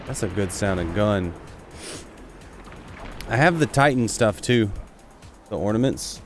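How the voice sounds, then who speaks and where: A man giving casual, rambling, excitable commentary as he streams a video game and talks to his chat. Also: fairly low pitch, unhurried, music in the background.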